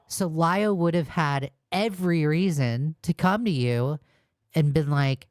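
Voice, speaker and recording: Exasperated woman, slow rambling commentary. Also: low-pitched, a little mellow, dry recording, clean studio sound. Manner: exasperated, rambling with many restarts. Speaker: commentary host. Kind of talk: casual reaction commentary.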